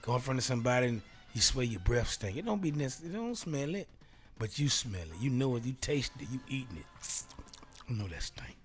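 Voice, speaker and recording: A man's voice: mid-range voice, very animated, a little fast. A man hosting a casual solo talk show, reading aloud and joking around, laughing often and dropping into whispered asides. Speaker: radio host.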